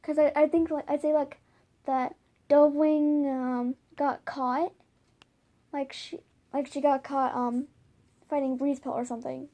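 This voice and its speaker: A woman's voice: high-pitched, flat delivery, a little slow, pauses often, mellow. A woman casually making up a fan story at home, rambling with many filler words. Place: home, by a window.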